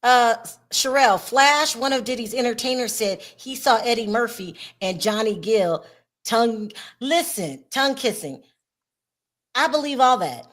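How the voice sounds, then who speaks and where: A woman hosting a casual livestream chat, talkative and expressive, laughing often. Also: a little high, unhurried. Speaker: host.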